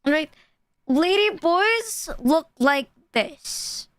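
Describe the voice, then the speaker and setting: A woman's voice: high voice, lively intonation, drawn-out words, fairly bright tone, no room sound. A woman from the Philippines, chatting casually and profanely as a streamer reacting to videos. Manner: loose, profane, laughing asides. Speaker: VTuber streamer.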